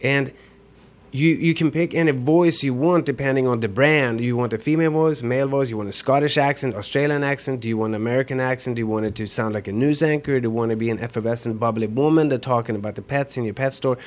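A man's voice: medium pitch, fast talker. Swedish-accented man explaining earnestly. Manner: earnest, explanatory, repeats words. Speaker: guest. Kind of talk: casual interview chat.

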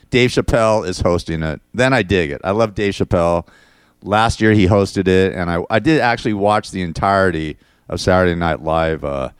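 A middle-aged man hosts his own show in a loose, rambling monologue. His voice is smooth and resonant, and the recording is dry and close with no room sound. He tells his stories with crude humor and plenty of swearing. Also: fairly low pitch, no room sound. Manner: crude, swearing, animated storytelling. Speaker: show host.

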